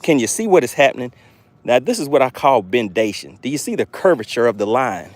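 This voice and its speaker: A man hosting a live fishing stream, talking excitedly to his chat viewers. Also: medium pitch, fairly quick, no room sound. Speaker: fishing livestream host.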